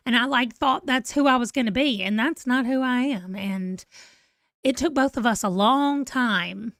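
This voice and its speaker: A woman's voice: on the high side, a little slow, fairly bright tone, no room sound, studio quality. A woman in her forties, chatting casually and rambling to viewers on a live stream. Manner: rambling, chatty, self-deprecating. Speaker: book vlogger.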